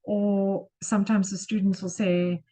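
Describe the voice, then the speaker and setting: A woman English teacher talks through her class materials in an easy, unhurried manner, with plenty of ums along the way. Her voice is dark and mellow, and she speaks slowly. She stretches out words carefully when showing where the stress falls. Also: mid-range voice, rough recording. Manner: relaxed, chatty explaining with frequent ums; slows and stresses words to model pronunciation. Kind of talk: screen-share lesson walkthrough.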